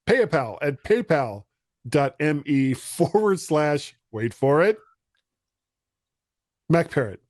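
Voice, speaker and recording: A jokey man co-hosts a casual tech podcast, his pitch leaping around as he banters. He laughs easily between his reads. The mic is close and completely dry. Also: sing-song, slow pace, pauses often, a little mellow, no echo. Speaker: podcast co-host. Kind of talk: casual chat.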